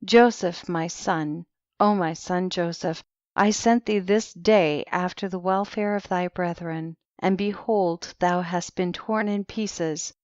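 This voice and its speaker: Anguished old father, read by a woman, loud wailing lament, storybook reading, lowish voice, slightly muffled dry recording. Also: steady tone, takes it slowly, dry recording. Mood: grief-stricken.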